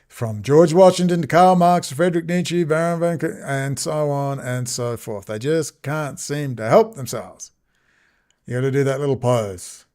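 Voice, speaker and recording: A man's voice: a little high, unhurried, a little mellow. A man ranting sarcastically in a rambling video commentary.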